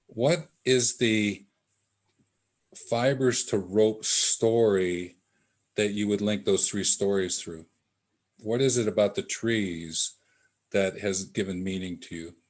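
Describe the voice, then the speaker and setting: A man hosting an interview, asking slow, thoughtful, searching questions. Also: fairly low pitch, fairly even intonation. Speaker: host.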